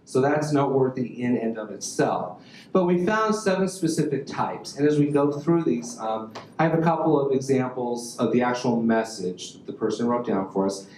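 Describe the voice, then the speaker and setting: A man's voice: medium pitch, moderate pace, slight background noise. Man lecturing in a roomy hall. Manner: animated, joking, quotes examples aloud. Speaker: communication professor. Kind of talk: university lecture. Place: lecture room. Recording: roomy hall, faint ambience.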